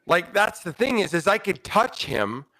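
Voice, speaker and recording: Brief: animated, higher-pitched male player full of jokes. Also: normal speed, rough recording. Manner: joking, playful banter. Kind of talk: tabletop game banter.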